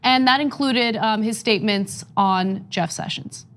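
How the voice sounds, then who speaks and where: A woman's voice: medium pitch, a little slow, noisy background. A woman hosting political commentary, emphatic and disapproving.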